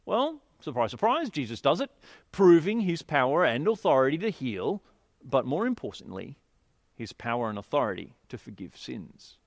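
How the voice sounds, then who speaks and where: A man preaching a sermon, telling a scripture story and explaining it in an expressive, emphatic way. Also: medium pitch, vocal fry, dry recording.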